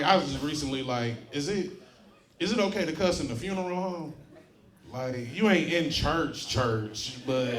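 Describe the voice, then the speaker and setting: A man doing a brash, profane stand-up comedy set in a club, often laughing at his own jokes. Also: a little high. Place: comedy club stage before a live audience. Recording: roomy club with loud crowd laughter.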